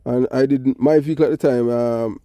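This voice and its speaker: A man's voice: medium pitch, steady tone, brisk, warm tone, no room sound, studio quality. A middle-aged man with a Jamaican accent hosting a call-in show, giving emphatic, rambling political commentary and moving between patois and standard English. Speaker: host of a call-in talk show.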